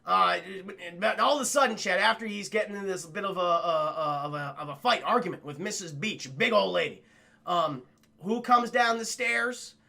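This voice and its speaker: High, gravelly, bright-voiced male streamer. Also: moderate pace. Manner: animated, profane retelling, keeps addressing chat. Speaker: film reviewer livestreaming to chat. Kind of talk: casual spoiler review on a livestream.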